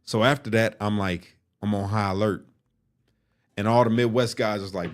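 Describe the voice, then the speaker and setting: A man casually retelling a personal story to the camera in blunt, animated street slang. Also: lowish voice, moderate pace.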